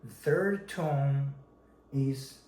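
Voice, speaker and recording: A man from China, a Mandarin speaker, teaching a language lesson, slow and deliberate, repeating each example word. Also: medium pitch, darkish tone. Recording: echoey room with faint background noise.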